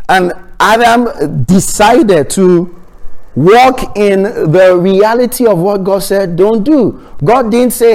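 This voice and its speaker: Male pastor, fairly high voice; emphatic, repetitive sermon delivery with restarts. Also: lively intonation, slow pace, a little mellow.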